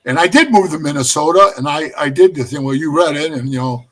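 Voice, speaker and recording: Middle-aged male guest, a high-pitched, animated storyteller who swears freely. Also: quick pace. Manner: animated, profane, addresses the host as bro. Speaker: podcast guest. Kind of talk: storytelling in casual conversation.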